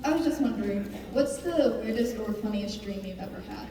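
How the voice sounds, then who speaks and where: A woman fan asking a shy, quiet question at a panel. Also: mid-range voice, expressive, a little fast, background noise. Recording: echoey hall, from far off.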